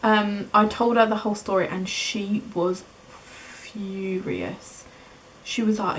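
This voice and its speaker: A young British woman chats through a storytime vlog, retelling events with lively quoted back-and-forth. Her voice sits in a middle range, with a faint hiss of room noise behind her. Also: medium pitch, slow, low-quality recording. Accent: British English. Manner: chatty, animated retelling with quoted dialogue. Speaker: beauty vlogger.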